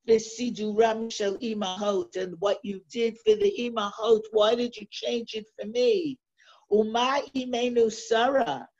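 A husky-voiced woman teaches a class on a sacred text, speaking slowly and with care. She reads each verse in the original and then explains it line by line. The recording is dull and lo-fi. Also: mid-range voice, a little mellow. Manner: reads Hebrew verses then translates them, slow and deliberate. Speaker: Torah teacher. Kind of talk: text-study lesson.

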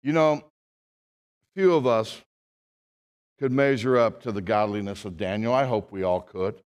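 A man preaching a sermon as a pastor, with dramatic swings from hushed, low reading to loud, raised proclamation. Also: unhurried, smooth. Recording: long hall reverb.

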